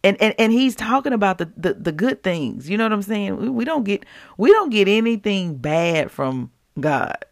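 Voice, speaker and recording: A woman giving a casual devotional talk in a chatty, animated way, acting out little quotes as she goes. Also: mid-range voice, moderate pace, no room sound, clean studio sound. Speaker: devotional speaker.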